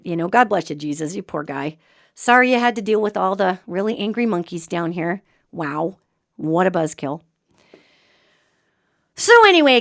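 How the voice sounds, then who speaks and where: Woman host, middle-aged, chatty storyteller, very expressive pitch, dry close sound. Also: dry recording. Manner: animated, chatty, ending in a spooky whisper. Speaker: podcast host. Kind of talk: casual storytelling monologue.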